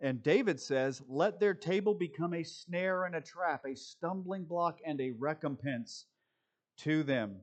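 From a church pulpit, a male pastor preaches a sermon, reading scripture aloud before drifting into loose, conversational asides. His voice sits on the high side, animated and a little slow.

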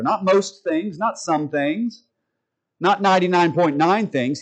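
Male pastor, slightly high voice, folksy sermon delivery with joking asides. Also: normal speed, rough recording. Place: church sanctuary.

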